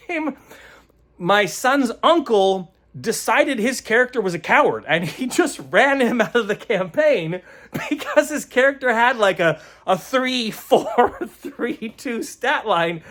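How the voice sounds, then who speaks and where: A man's voice: very high-pitched, a bit bright. A man who runs tabletop games, recapping a session in a rambling, casual way, searching aloud for words and chuckling often. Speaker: game master.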